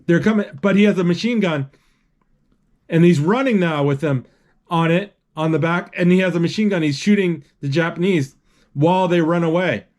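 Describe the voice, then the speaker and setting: A man with a slightly higher voice, narrating a film off the cuff. He talks haltingly, restarting phrases, saying "he's like" and adding spoken sound effects as he goes. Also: darkish tone. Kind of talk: unscripted play-by-play retelling.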